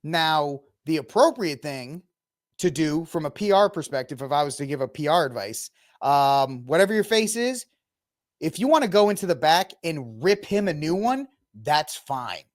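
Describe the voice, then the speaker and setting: Man, 30s, from Texas, reaction commentary host, opinionated, animated pitch. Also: normal speed. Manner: animated, opinionated, mocking impressions.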